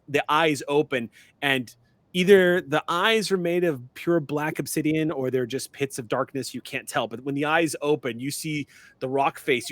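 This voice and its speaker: A man's voice: mid-range voice, no room sound. A man narrating a tabletop game as game master, rambling a little with restarts.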